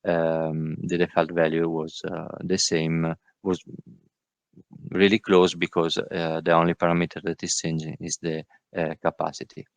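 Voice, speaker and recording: On a virtual workshop call, a male presenter gives a technical presentation, working through slides in a halting way with many filler sounds. His voice is low with little pitch movement, and there's no room sound.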